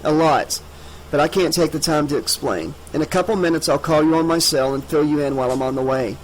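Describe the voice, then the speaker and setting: A man's voice: on the high side, brisk, slight background noise, lightly acted, low-quality recording. A man voicing a determined teenage boy who speaks with urgent intensity, in an audiobook.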